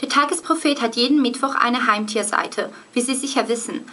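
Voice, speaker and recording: An eager female gossip journalist, read aloud by a woman in a fairly high, bright voice. She sounds like a storybook reading, and giggles break through the lines. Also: normal speed, creaky, heavily acted.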